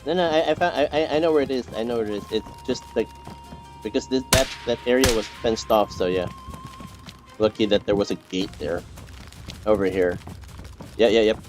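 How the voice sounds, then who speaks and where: A young man streaming a game chats casually with his teammates, rambling and repeating himself with lots of fillers and restarts. His fairly low voice moves fairly quickly but with long pauses, and music plays in the background.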